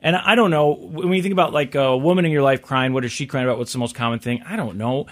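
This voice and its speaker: A man's voice: medium pitch, fairly even intonation, quick pace. A male radio host chatting casually and reading out survey figures.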